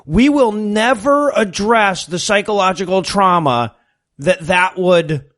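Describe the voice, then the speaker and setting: High-voiced man sarcastically recapping a movie. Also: slow pace, a bit bright. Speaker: podcast co-host. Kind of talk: casual comedic movie recap.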